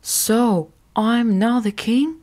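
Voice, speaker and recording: A haughty boy prince giving orders in a slow, careful way, as a woman reads him in a storybook. The voice sits slightly higher than a plain narrating voice. Each command is spelled out plainly. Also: darkish tone. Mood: surprised.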